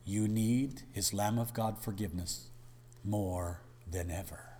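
A man's voice: fairly low pitch, unhurried, mellow, in a large hall, a little hiss or hum. Emphatic male pastor preaching. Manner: emphatic, dramatic, uses rhetorical questions. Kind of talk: sermon.

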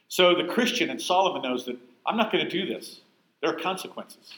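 A man's voice: fairly high pitch, animated, a little fast, a bit bright, reverberant, rough recording. Emphatic man teaching a Bible class. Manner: emphatic, asks the room questions.

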